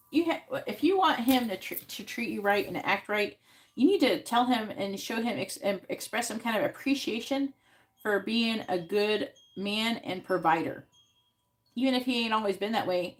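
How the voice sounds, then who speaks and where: A woman giving frank, swear-laden advice as a psychic tarot reader on a live stream, coaching the client on what to say. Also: mid-range voice.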